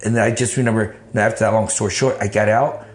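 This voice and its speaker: A man telling his life story in an interview, blunt and animated, swearing freely. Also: fairly low pitch, fast. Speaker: interview guest. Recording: roomy echo.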